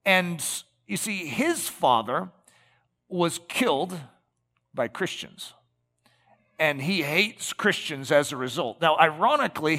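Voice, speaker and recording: A man's voice: mid-range voice, bright, forceful tone, big-room sound. A man preaching a sermon in a conversational way, often checking in with the congregation with tag questions like "okay?" and "right?".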